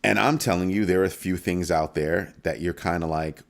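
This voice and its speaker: A man hosting a casual live-stream crypto show, talking through numbers with animated swings between calm and mock panic. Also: deep voice, normal speed, vocal fry.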